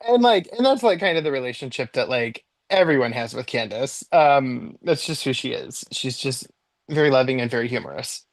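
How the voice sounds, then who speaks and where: A man telling a funny story as a podcast guest, chatty and animated, his voice leaping up as he relives his own panic. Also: normal speed, dry recording. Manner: animated, jumps high in pitch when replaying his own panic; chatty with frequent likes and ums. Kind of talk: casual storytelling.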